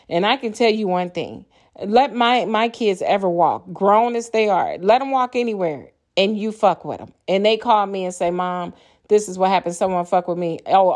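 Woman, grown kids and grandkids, podcaster, angry profane ranting, blunt, middle pitch. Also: a little mellow. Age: older. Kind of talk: impassioned monologue.

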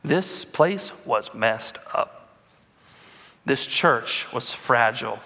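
A man in his thirties, a pastor preaching a sermon with animated storytelling and calls to the congregation. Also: mid-range voice, extremely slow, vocal fry, in a large hall.

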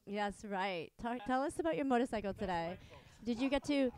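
A woman's voice: a little high, lively intonation, a little fast, darkish tone, clear, resonant tone. A woman co-hosting a casual podcast at her home, playful and teasing. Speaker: podcast co-host. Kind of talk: casual chat.

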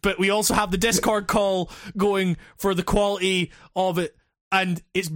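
A man's voice: high-pitched, little pitch movement, normal speed, fairly bright tone, no room sound, studio quality. A man co-hosting and editing a podcast over a call, talking in a rambling, swear-filled, laughing way. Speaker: podcast co-host and editor. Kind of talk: casual podcast chat. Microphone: remote call.

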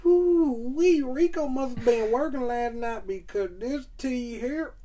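A man's voice: very high-pitched, mellow, a little hiss or hum, pitched above the performer's own voice. A man voicing gushing older country women who drawl out their praise of his sweet tea. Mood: delighted. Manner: drawn-out, delighted exclaiming.

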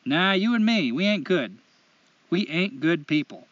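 A male podcast co-host chats casually, then breaks into blunt, profane rants. His voice is on the high side, expressive and a bit bright, at a measured pace. The recording is dry and dull, with him far from the mic.

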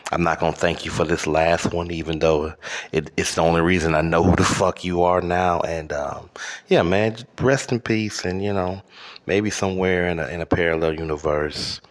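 A man's voice: deep voice, steady tone, normal speed. A man hosting a podcast, delivering a profane solo rant with exaggerated outrage and lots of fillers. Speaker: podcast host.

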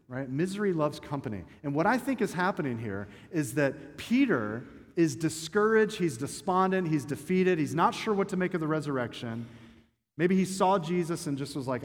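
A man's voice: on the high side, very animated, moderate pace. A man preaching a sermon to a congregation in a conversational, joking way. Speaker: pastor. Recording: long hall reverb.

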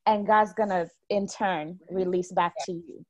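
A woman's voice: lowish voice, steady tone, a little slow, a little mellow. A woman hosting a casual podcast chat, speaking earnestly and reflectively, with a preacherly tone.

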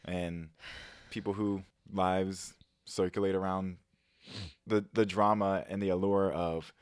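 A man's voice: low voice, flat delivery, slow, smooth, no echo, studio quality. A man in his thirties co-hosting a podcast, laid-back and joking in casual slangy chat. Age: 30s. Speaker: podcast co-host.

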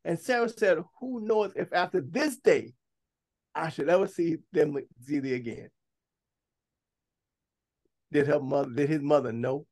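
A man's voice: lively intonation, moderate pace. A man preaching a sermon, reading scripture aloud and breaking off to comment and stress his points. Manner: bursts to high, loud emphasis at times.

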